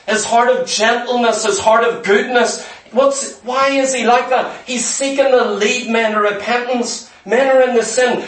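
A man preaching a sermon earnestly, sometimes dropping to a hushed, tender voice. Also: very high-pitched, echoey room, recorded from a distance, low-quality recording.

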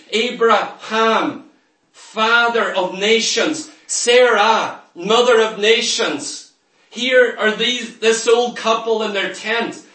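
A man's voice: high voice, sharp tone. A man preaching a sermon in an emphatic, storytelling way, sometimes acting out the people in the story. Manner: emphatic, storytelling, acts out quoted lines. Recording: roomy echo, from far off the mic.

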